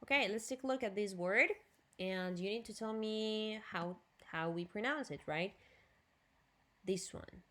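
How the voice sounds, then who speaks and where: Slow, patient woman teaching English. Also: medium pitch, fairly bright tone. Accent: Ukrainian. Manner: slow, clear drilling with switches to Russian explanations. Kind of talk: video grammar lesson.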